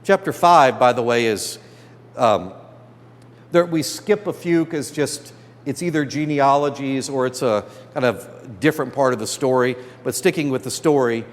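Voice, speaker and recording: A man teaching a Bible class as priest, animated and acting out the characters' complaints. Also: mid-range voice, normal speed. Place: church hall. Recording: long hall reverb.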